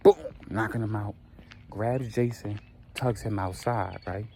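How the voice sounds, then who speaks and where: A man casually retelling a dramatic story in slangy, animated speech. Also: on the low side, a little slow, slight background noise.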